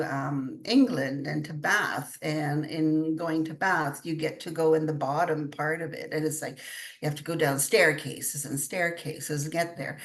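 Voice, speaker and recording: An older woman chatting in an interview, telling stories with frequent laughs. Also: deep voice. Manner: chatty storytelling, laughs often. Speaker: guest, intuitive channeler. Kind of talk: casual interview chat.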